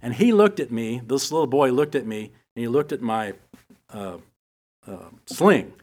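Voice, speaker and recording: A middle-aged man teaching from the Bible, telling personal stories in a relaxed, humorous way. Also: mid-range voice, normal speed. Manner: conversational storytelling with humor.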